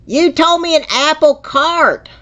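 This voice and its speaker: A man's voice: very high voice, measured pace, bright, forceful tone, exaggerated voice. A man voicing a flustered, easily confused older woman who rambles and repeats herself on a muffled call. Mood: confused, exasperated. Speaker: scam baiter. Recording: muffled phone-call audio.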